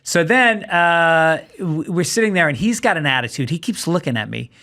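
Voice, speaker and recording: A middle-aged man, a comedian guest, telling an animated story and acting out both sides of the dialogue. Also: a little high, moderate pace. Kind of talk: casual chat.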